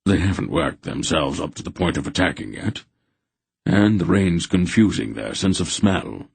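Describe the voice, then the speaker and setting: A man voices a commanding old sorcerer in an audiobook, steady and matter-of-fact. The voice is very deep and husky, recorded close and dry. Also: normal speed, dry recording, exaggerated voice. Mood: calm.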